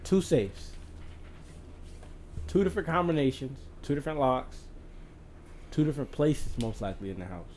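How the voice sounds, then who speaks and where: A man co-hosting a podcast in casual chat, telling stories in an animated way and acting out other people's voices. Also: mid-range voice, moderate pace, long pauses, a little hiss or hum. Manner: animated storytelling, acts out voices. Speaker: podcast co-host.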